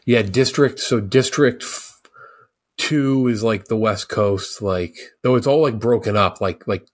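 A young man co-hosting a casual podcast who explains things plainly and matter-of-factly. His voice is low with a slightly husky edge. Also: measured pace. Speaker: podcast co-host. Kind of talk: casual chat.

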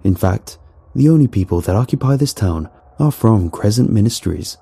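A man reading a horror story aloud in a dramatic, animated way, with faint music behind. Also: fairly low pitch, normal speed, gravelly, husky. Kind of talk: scripted horror narration.

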